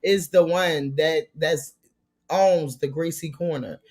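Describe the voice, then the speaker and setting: A male vlog host talking in a casual, rambling, slang-heavy way, with a slightly high voice. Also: slow pace, soft background music. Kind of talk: casual commentary.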